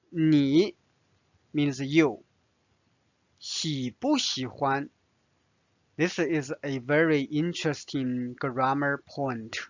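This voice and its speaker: A man with a Chinese accent teaching Mandarin vocabulary and grammar, explaining slowly with small restarts. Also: mid-range voice, fairly bright tone, no room sound, lo-fi sound. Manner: slow, careful, with restarts and fillers. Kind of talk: language lesson narration.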